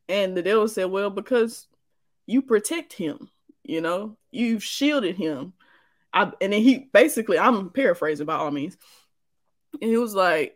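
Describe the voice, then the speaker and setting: A young woman in her twenties from Mississippi with a Southern American accent, co-hosting a podcast with expressive, sassy storytelling. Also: mid-range voice, normal speed. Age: 20s. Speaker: podcast co-host. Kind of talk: casual chat.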